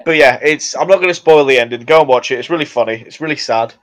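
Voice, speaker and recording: A young man on a casual podcast, excitedly retelling a film plot in a rambling way. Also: mid-range voice, quick pace. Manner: rambling, excitable storytelling with laughs. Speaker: podcast co-host. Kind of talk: casual chat.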